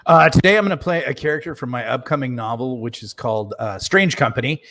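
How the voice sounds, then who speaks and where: A man as a player describing his character in an animated, quick way. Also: mid-range voice. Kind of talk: casual table chat.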